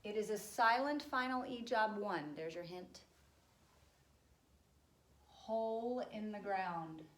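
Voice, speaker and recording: A woman teaching children a spelling lesson, cheerful and encouraging, spelling words out slowly. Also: medium pitch, echoey room.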